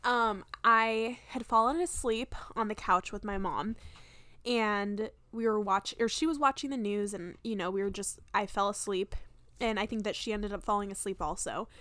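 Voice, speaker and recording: A young woman co-hosting a casual podcast, telling a ghost story from her childhood in a soft, chatty way. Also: mid-range voice, normal speed. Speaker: podcast co-host.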